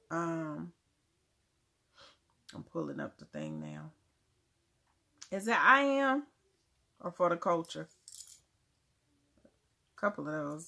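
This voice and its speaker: Chatty southern woman with gravelly voice. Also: low voice, pushed and bright. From Germany. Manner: chatty, laughs often, answers viewers; drops words, casual grammar. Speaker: livestream host. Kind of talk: casual live chat reading comments.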